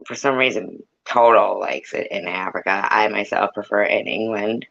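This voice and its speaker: A woman's voice: very deep voice, normal speed, vocal fry, fairly bright tone, lo-fi sound. A woman hosting a live stream, chatting with viewers in a rambling, swearing, casual way. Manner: rambling, swears a lot, sings snatches. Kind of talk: casual chat.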